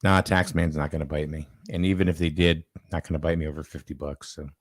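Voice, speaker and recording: A man's voice: extremely low pitch, flat delivery, fast, dry recording. A man hosting a casual chat, telling a long story with lots of fillers and restarts. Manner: rambling, with many fillers and restarts.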